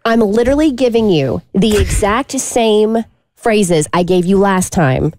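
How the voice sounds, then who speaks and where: A woman's voice: medium pitch, lively intonation, measured pace, a little mellow. A woman co-hosting a morning radio show in a playful, teasing way. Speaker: radio co-host.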